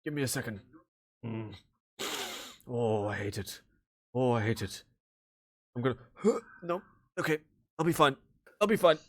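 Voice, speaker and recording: A man's voice: lowish voice, racing, hardly any pauses, a little mellow, close to an everyday voice. A man voicing an anxious older male adventurer, a father, who sounds fretful and hesitant. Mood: nervous.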